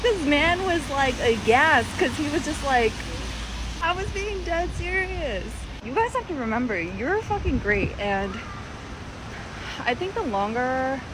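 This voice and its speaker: A young woman with a confident, laughing, frank manner, vlogging just after a date, outdoors by traffic. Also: on the high side. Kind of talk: storytime vlog. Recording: loud traffic noise behind voice.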